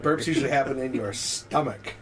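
A man's voice: medium pitch, fairly quick, a little hiss or hum. A man co-hosting a casual gaming podcast, trading dry, teasing quips. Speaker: podcast co-host.

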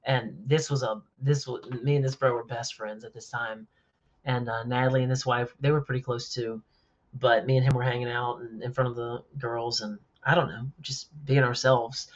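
Animated man telling stories, slightly dull sound. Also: mid-range voice, moderate pace. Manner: animated storyteller, jokey. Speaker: podcast guest, family coach. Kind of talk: casual chat.

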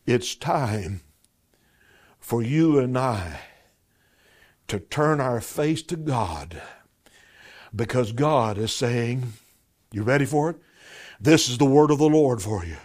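A middle-aged man preaching a sermon as a pastor, swinging from loud cries to hushed whispers and often repeating words as he starts a sentence. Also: medium pitch, animated, slow, pauses often.

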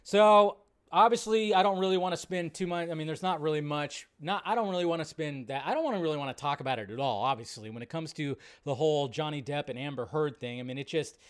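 A man with a fairly high voice hosts a casual live show. He rambles, restarts his sentences and swears freely, and his rants grow loud and animated. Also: quick pace, clean tone. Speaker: host.

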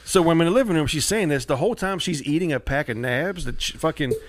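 A man telling wild stories in casual podcast chat, profane and animated, acting out the people he quotes. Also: on the high side, fast. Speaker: comedian guest. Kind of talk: casual storytelling.

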